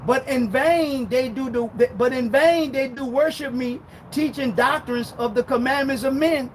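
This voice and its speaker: A man preaching a sermon in a loud, fiery way, swinging between shouting and low muttering. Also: measured pace, slight background noise, rough recording. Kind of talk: street-style sermon.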